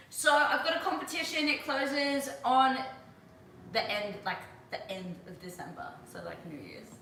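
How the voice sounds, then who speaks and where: Her pitch is medium and her delivery very animated, pushed and bright, at a normal speed. She's a young Australian woman in her twenties casually hosting a livestream, laughing often as she reads viewer questions. The room echoes, and she sits far from the mic.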